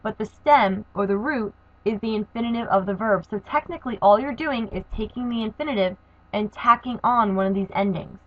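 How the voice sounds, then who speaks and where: Female teacher voice, mid-pitched, methodical and step-by-step, for a lo-fi classroom video. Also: fairly quick. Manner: methodical, spells out endings letter by letter. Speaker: Spanish teacher. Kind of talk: recorded grammar lesson. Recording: dull, dry lo-fi recording.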